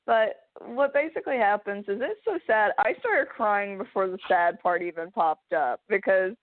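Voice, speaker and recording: A woman's voice: medium pitch, lively intonation, moderate pace. A young woman hosting a podcast, rambling through a story with many restarts and getting emotional as she talks. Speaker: podcast host. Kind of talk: casual chat. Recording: phone-like narrow band.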